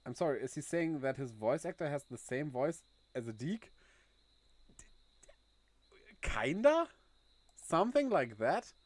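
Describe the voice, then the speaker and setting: A man's voice: a little high, very animated, normal speed, no echo. A man chatting casually on a game livestream, laughing often and reading chat aloud. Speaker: game streamer.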